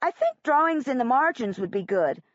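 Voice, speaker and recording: An eager, encouraging young schoolgirl, voiced by a woman narrator with a lifted, friendly tone. She speaks in quick, open bursts. The recording is dry and slightly muffled. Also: sits high, sing-song, no echo.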